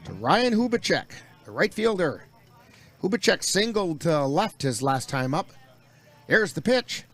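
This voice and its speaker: A man calling baseball play-by-play for a local webcast, with relaxed, folksy asides between pitches. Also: measured pace, soft background music. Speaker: play-by-play announcer.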